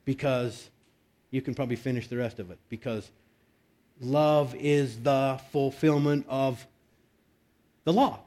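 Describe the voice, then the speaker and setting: A man's voice: medium pitch, fairly even intonation, a little slow, long pauses, warm tone. A man preaching a conversational sermon, reading scripture and breaking into emphatic bursts. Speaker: pastor.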